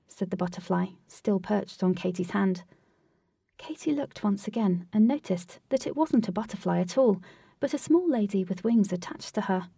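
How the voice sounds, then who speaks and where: A woman reading a storybook aloud as scripted narration, with a steady, even delivery. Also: medium pitch, moderate pace, gravelly, breathy edge, no echo, far from the mic. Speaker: audiobook reader. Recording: dry, voice set back from mic.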